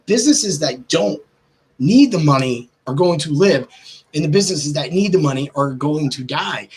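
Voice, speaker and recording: A man hosting a podcast, ranting casually and swearing, his pitch jumping up when he gets worked up. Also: breathy edge, poor audio. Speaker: podcast host.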